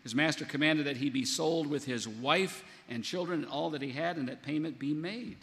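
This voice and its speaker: A man delivers a sermon in a somewhat high voice, animated and acting out the quoted lines. His voice rings with a long reverb, as in a large hall. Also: moderate pace. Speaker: pastor.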